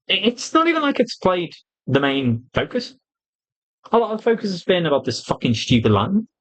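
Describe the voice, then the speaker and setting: With a voice that sits high and a moderate pace, this man reviews wrestling in a blunt, opinionated, casual way, cursing freely and doing voices for the quotes he retells. The audio quality is poor.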